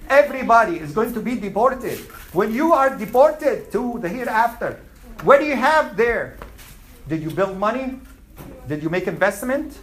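A woman's voice: on the high side, lively intonation, moderate pace, slight background noise, rough recording. A woman teaching an Islamic class, asking her students questions and repeating her points. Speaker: religious teacher.

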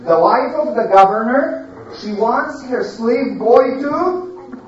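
A woman teacher telling a story to a class of children, animated and quizzing them with questions. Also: fairly high pitch, slow, slight background noise. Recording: echoey room, distant, dull.

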